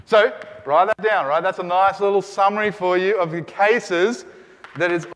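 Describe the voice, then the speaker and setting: High-pitched energetic male Greek teacher. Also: moderate pace, big-room sound. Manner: energetic, call-and-response drilling, rising to shouts. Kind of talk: classroom lecture. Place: lecture room.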